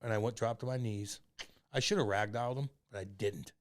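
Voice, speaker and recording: A man's voice: on the low side, fairly quick. A man co-hosting a podcast, swearing constantly and telling stories in rowdy casual banter. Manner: profane, loud, doing mocking impressions. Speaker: podcast co-host.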